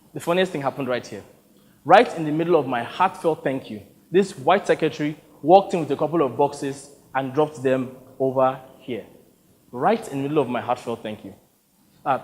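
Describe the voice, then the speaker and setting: A man's voice: medium pitch, normal speed, in a large hall. A Nigerian man with a Nigerian accent, performing a wry one-man theatre monologue. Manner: wry, storytelling, expressive. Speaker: solo stage performer narrating.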